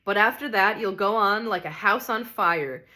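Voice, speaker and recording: A patient, gentle male spirit, voiced by a woman reading aloud. He speaks in a calm, measured and reasoning way. It is an audiobook character reading. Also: mid-range voice, lightly acted.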